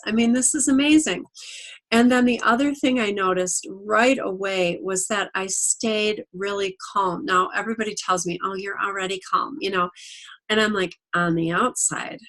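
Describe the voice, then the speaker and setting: A woman's voice: medium pitch, moderate pace. A middle-aged woman giving a casual testimonial on a video call, telling stories and acting out what people said. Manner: animated storyteller, acts out quotes. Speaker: product distributor.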